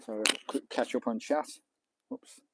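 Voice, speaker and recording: A man's voice: mid-range voice, moderate pace, gravelly, background noise. A man, chatting casually to viewers on a live stream outdoors on a beach, talking as he works and swearing lightly. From England. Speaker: vlogger. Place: outdoors on a beach and in his camper van. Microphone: small clip-on mic, distance varying.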